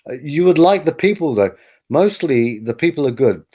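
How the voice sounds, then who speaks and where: A man's voice: on the high side, big pitch swings, moderate pace, a little mellow. A man, chatting casually in a rambling way, often repeating words. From New Zealand. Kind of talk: casual chat.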